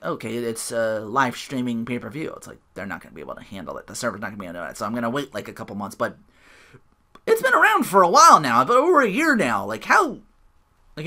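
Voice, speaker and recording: A podcast host giving a solo recap with profane, ranting commentary, quick asides and laughs at their own jokes. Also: medium pitch, pushed and bright.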